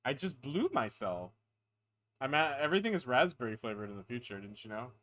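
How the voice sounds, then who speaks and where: A man's voice: mid-range voice, sing-song, a little fast, a bit bright. Tired, rambling male streamer. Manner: rambling, playful, self-deprecating. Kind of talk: casual live-stream chat.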